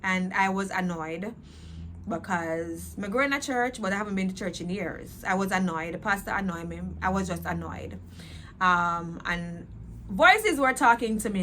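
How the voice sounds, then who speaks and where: A woman's voice: mid-range voice, normal speed, bright, forceful tone, a little hiss or hum. A woman telling her personal faith testimony, earnest and repetitive, slipping into patois. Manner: earnest, repetitive, emotional retelling. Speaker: testimony speaker.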